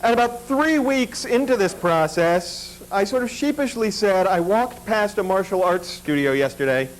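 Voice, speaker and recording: A man's voice: sits high, expressive, moderate pace, rough recording. A man performing stand-up, telling a long personal story in a dry, self-deprecating way.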